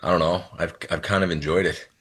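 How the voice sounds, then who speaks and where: A man's voice: sits low, fairly even intonation, quick pace, a bit bright, slightly rough. A man in his thirties, a head football coach, explaining his choices in a radio interview and repeating words as he thinks.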